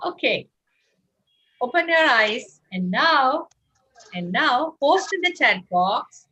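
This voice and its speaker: In an interactive online workshop heard through muffled, lo-fi video call audio, a woman speaks slowly in a high, slightly rough voice. She is animated as she coaxes participants to post answers in the chat.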